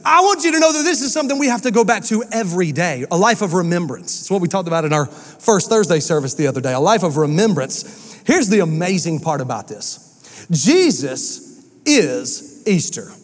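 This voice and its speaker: A man, a pastor delivering an animated, emphatic sermon with quick asides. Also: high voice, big-room sound. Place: church sanctuary.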